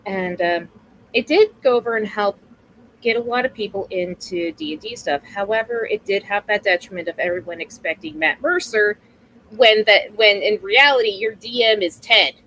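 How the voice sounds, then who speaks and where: Bright-voiced chatty woman in her thirties. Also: medium pitch, lively intonation, normal speed, a little hiss or hum, rough recording. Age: 30s. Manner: chatty and rambling, laughs often, swears casually. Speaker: guest streamer. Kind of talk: casual interview chat.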